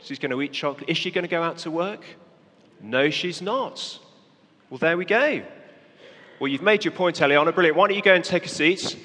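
In a big room, a man with a fairly high, pushed and bright voice talks quickly as he leads a children's sermon, coaxing young volunteers to act out a parable on stage.

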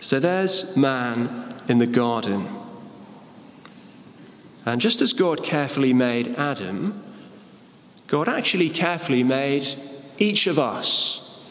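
A man's voice: medium pitch, expressive, slow pace, pauses often, a bit bright, a little hiss or hum. A man preaching a sermon, reading Bible verses and explaining them with fillers and a joke. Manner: expository, with fillers and a told joke. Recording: echoey hall with long reverb.

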